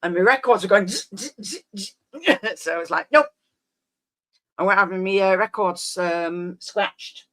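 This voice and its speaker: A woman's voice: mid-range voice, moderate pace, a bit bright. A woman in her fifties chats casually to her stream viewers. She rambles and reminisces in an easy, meandering way, and often trails off mid-thought. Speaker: live streamer chatting with viewers. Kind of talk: casual chat.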